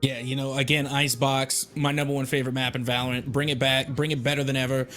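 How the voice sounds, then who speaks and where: A man's voice: mid-range voice, flat delivery, quick pace, over music. A man hosting an esports broadcast desk, upbeat and hype as he leads the interview and wraps up. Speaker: esports caster and desk host.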